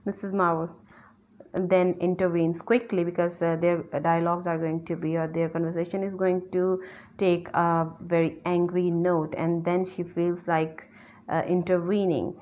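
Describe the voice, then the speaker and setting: A woman's voice: on the low side, level tone, moderate pace. A woman lecturer with a Pakistani English accent explaining a play, hesitant with many fillers. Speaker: literature lecturer. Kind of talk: university lecture. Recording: dull lo-fi recording.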